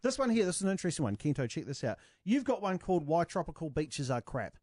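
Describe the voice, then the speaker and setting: Lively fast-talking New radio host. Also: male voice, on the high side, dry recording, studio quality. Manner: enthusiastic, upbeat, quick banter. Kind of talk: radio interview. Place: radio studio.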